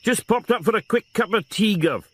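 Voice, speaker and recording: A man's voice: sits high, animated, brisk, breathy edge, voice pushed up. A man voicing a young Welsh detective with a Welsh accent, talking in a sing-song voice that oozes sincerity. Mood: ingratiating.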